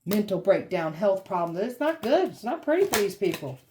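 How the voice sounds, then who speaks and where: A woman with a mellow, dark-toned voice delivers a tarot reading. She talks bluntly and sassily, swearing freely and mocking, and her pitch sits mid-range for a woman. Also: sing-song, brisk, slight background noise. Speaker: tarot reader.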